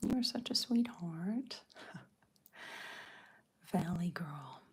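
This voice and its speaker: A middle-aged woman hosting an ASMR livestream, answering chat in a soft breathy whisper. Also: lowish voice, animated, extremely slow.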